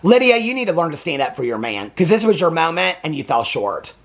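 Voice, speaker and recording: Animated, indignant man ranting about TV. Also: fairly high pitch, fairly quick. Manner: indignant, ranting, swears freely. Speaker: TV reaction host. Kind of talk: casual reality TV reaction commentary.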